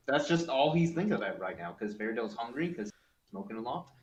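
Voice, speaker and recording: A man's voice: mid-range voice, big pitch swings, moderate pace. A man spinning playful, silly scenarios in a casual chat during a live tabletop game. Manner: playful, giggly, spins silly exaggerated scenarios. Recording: roomy echo, faint hiss.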